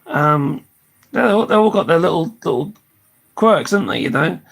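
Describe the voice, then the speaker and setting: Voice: mid-range voice, animated, normal speed, vocal fry, breathy edge, low-quality recording. An older speaker chatting casually on a live stream, tired and losing their voice, swearing freely and laughing often.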